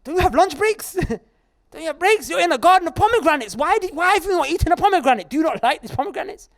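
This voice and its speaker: A man's voice: extremely high pitch, very fast, pitched above the performer's own voice. A man voicing a rich male garden owner, indignant and demanding, during a story in a sermon. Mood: baffled. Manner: exasperated, demanding questions.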